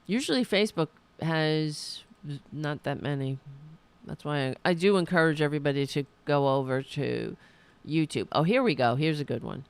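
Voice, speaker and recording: Gravelly, lively, sarcastic woman host. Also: sits low. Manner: sarcastic, mocking, reads viewer comments aloud. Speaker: podcast host. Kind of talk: livestream political commentary.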